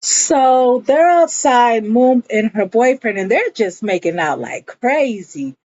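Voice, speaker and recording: A woman's voice: fairly high pitch, animated, slow pace, a little mellow, muffled recording. A woman casually recapping a TV episode, telling the story in a chatty way and slipping into the characters' quoted lines as she goes.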